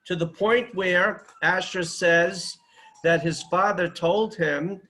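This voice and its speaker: A man's voice: sits high, takes it slowly, sharp tone, rough recording. A man speaking at a seminar in a fiery, declamatory, rhetorical way. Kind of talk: impassioned seminar talk.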